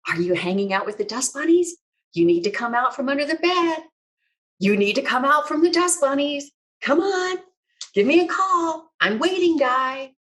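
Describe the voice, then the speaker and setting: A woman's voice: sits high, animated, normal speed, pitched above the performer's own voice, poor audio. A woman quoting a kind, coaxing old mentor. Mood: teasing, cheerful. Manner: warm, coaxing, reassuring. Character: kind, upbeat older male mentor.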